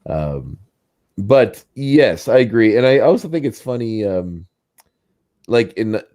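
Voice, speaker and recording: A man co-hosting a podcast in a casual, animated chat, laughing often and breaking into mock voices. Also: fairly low pitch, slow. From Canada. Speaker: podcast co-host.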